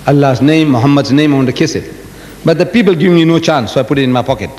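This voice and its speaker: An older man giving an animated religious lecture, telling stories and asking the audience rhetorical questions. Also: quick pace. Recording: echoey hall with faint rumble.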